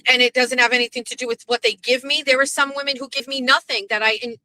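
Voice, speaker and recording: A high-voiced woman vents to her audience from a parked car, blunt and full of profanity. Her tone is bright and sharp, and her talk rambles with restarts. The sound is close and dry. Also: steady tone, fast, dry recording, rough recording. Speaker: host. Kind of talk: candid venting monologue.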